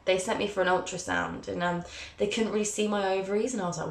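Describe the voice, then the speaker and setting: A woman's voice: mid-range voice, a little fast. Chatty, candid young woman, roomy sound. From England. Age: 20s. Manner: chatty, candid and self-mocking, playfully dramatic. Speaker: vlogger, journalism student. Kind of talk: casual personal storytelling to camera.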